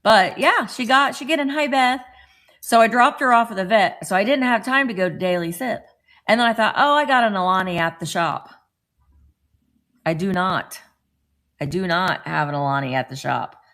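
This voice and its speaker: Speaking at a normal pace in a mid-range, fairly bright voice, a middle-aged woman hosts a relaxed morning live stream from her home. She greets her viewers by name as she chats.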